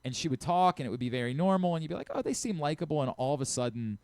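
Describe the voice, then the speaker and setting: A radio host with a Baltimore accent, ranting animatedly in casual sports banter and laughing often. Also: male voice, mid-range voice, expressive, very fast, a little mellow, clear, resonant tone, no room sound. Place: radio studio.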